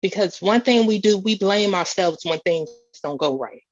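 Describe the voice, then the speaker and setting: A woman's voice: mid-range voice, normal speed, dull audio. A woman speaking earnestly as a keynote speaker, sharing a personal testimony with repeated emphatic phrases.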